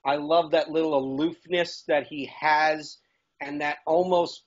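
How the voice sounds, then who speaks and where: Man, talk show guest, high voice, eager, rambling, restarts, dull lo-fi sound. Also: fairly even intonation, measured pace. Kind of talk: casual chat.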